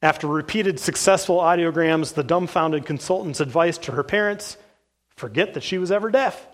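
A man preaching a sermon as pastor, reading case accounts aloud from a book in an earnest, steady way with the odd "uh". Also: fairly high pitch, normal speed.

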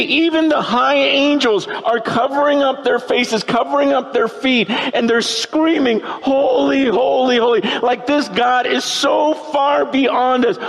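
A man preaching a sermon at a tent meeting, moving from hushed, low musings to loud, shouting peaks. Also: vocal fry. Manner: animated, swinging from hushed to shouting.

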